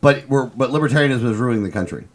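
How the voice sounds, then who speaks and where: A man hosting a radio talk show from a studio, joking and bantering with his guest. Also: medium pitch. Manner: joking, animated, quick banter. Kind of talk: casual talk radio chat.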